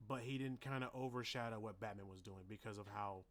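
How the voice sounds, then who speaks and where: A man co-hosting a podcast in casual chat, animated and profane, often acting out quotes loudly. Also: on the low side, a little fast, crowd noise. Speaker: podcast co-host.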